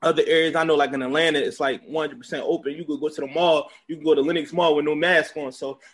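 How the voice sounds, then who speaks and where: A man's voice: fairly high pitch, steady tone, fast talker. A young man with a Philadelphia accent, a music promoter chatting casually as an interview guest, rambling with lots of fillers. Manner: laid-back, filler-heavy rambling.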